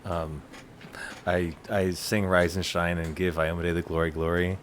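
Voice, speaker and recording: Man, tabletop player, very deep voice, slow, halting, noisy recording. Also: level tone. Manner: halting, hesitant speech. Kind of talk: casual tabletop play.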